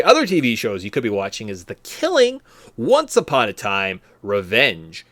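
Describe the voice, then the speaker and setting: A man hosting a podcast in casual chat, animated and joking. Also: lowish voice, moderate pace, no echo. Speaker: podcast host.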